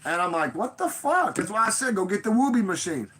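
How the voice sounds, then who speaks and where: A woman telling a story in a casual vlog, swearing freely and jumping high in pitch for quoted voices. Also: brisk, slight background noise. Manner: profane, animated, swings pitch for quoted voices.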